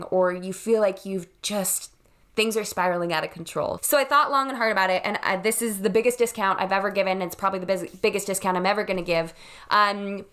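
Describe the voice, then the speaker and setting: A woman's voice: mid-range voice, a bit bright. A woman in her thirties, a wedding planner, talking earnestly and reassuringly to camera from her home. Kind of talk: direct-to-camera vlog.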